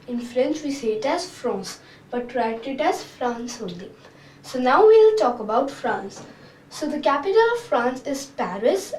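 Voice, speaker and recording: A young woman teaches beginner French in a high, unhurried voice. She spells out words and repeats them slowly. The room echoes and she sits a little back from the mic. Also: darkish tone, distant mic, a little hiss or hum. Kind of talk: slow, clear beginner lesson.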